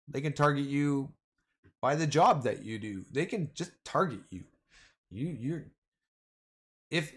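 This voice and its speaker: A man's voice: a little high, a bit bright. A man hosting a casual livestream, rambling and joking, often calling his viewers "man" and "boys". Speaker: livestream host.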